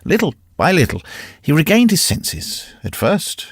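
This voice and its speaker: A man reading a classic novel aloud as an audiobook narrator, in an expressive, varied reading. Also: fairly high pitch, measured pace, husky, no room sound, studio quality. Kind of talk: scripted narration.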